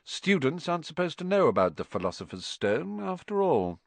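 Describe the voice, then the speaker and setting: A man's voice: on the high side, sing-song, moderate pace, vocal fry, dry recording, voice pushed up. A man voicing a cold, menacing male teacher who speaks in an icy, clipped way. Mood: icy menace.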